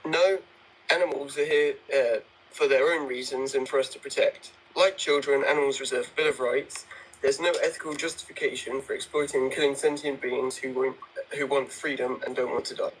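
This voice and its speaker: A man calling in to a livestream who reads quickly and pushes argumentative questions. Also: medium pitch, fairly even intonation, a bit bright, slight background noise, low-quality recording. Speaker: caller on a livestream. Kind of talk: casual call-in debate.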